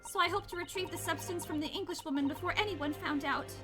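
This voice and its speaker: A woman's voice: very high-pitched, fast, music in the background, voice pushed up. A woman reading game dialogue aloud as an earnest young male lawyer, in theatrical, self-reproaching outbursts.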